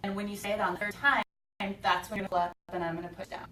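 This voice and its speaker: A woman's voice: mid-range voice, fairly even intonation, very fast, pushed and bright. Woman guiding a live workshop demo. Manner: instructive, guiding a volunteer step by step. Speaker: workshop presenter. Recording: echoey room, distant mic, background noise.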